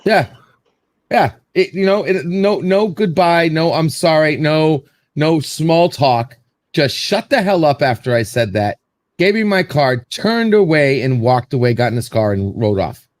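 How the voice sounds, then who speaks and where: Host, male, higher-pitched, rambling animated storyteller, dry close sound. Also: unhurried, no echo. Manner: rambling storyteller, repeats words, acts out quotes. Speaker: show host. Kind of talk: casual chat, telling a story.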